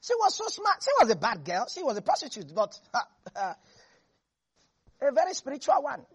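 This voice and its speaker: A preacher gives an animated sermon, laughing often and acting out the quotes in the scripture. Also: mid-range voice, normal speed, breathy edge, muffled recording.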